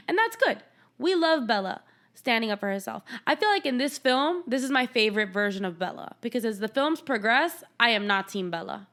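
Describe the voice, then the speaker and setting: Sarcastic young woman recapping a film. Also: on the high side. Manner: sarcastic, swears freely, animated retelling. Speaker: podcast host. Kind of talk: casual film recap chat.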